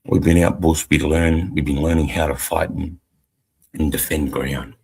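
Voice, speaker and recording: A middle-aged Australian army veteran hosting a live stream, telling a war story in a blunt, profane, casual way. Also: male voice, very deep voice, flat delivery, normal speed, gravelly, a little mellow, breathy edge, low-quality recording.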